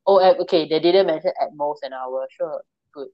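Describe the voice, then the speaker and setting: A woman with a low voice chats casually as a podcast co-host, reading out sources and laughing at herself. Her voice comes over a dull, dry, lo-fi call line. She talks in a loose, easygoing way. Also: brisk, no echo. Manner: chatty, reads sources aloud, laughs at herself. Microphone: remote call.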